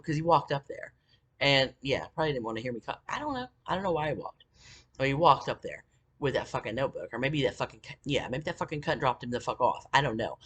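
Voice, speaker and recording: A woman's voice: very deep voice, breathy edge. A woman vlogger telling a long personal story in a heated, profane, rambling way.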